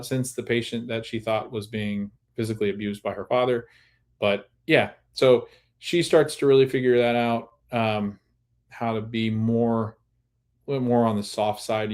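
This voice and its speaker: A man hosting a podcast, recapping a TV episode in a casual, rambling way with many restarts. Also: lowish voice. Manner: rambling, full of restarts and "like", laughs at times. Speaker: podcast host.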